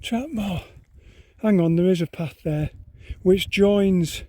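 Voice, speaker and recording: Breathless man grumbling on a slow hike. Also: sits high, warm tone, dry recording. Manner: rambling, muttering to himself, grumbling at the hills. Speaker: hiker vlogger. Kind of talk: walking vlog commentary. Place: outdoors on open moorland.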